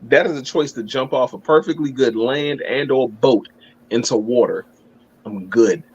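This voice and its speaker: A man's voice: medium pitch, moderate pace, highs cut off, slight background noise. A man telling a long, rambling story in casual chat, swearing and laughing at himself. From Maryland. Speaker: guest.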